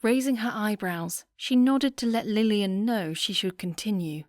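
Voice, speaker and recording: A woman narrating a romance audiobook in a calm, even storytelling manner. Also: medium pitch, unhurried, few pauses, no echo, studio quality.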